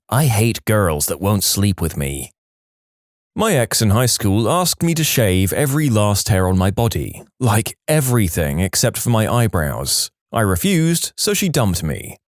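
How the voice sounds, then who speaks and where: Lively male reddit story narrator. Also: fairly low pitch, no echo, clean studio sound. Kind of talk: reading reddit stories aloud.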